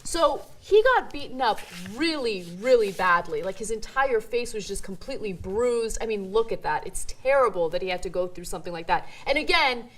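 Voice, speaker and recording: A woman's voice: medium pitch, lively intonation, brisk, few pauses. A young woman co-hosting an online news show, relaying a story in a casual, conversational way.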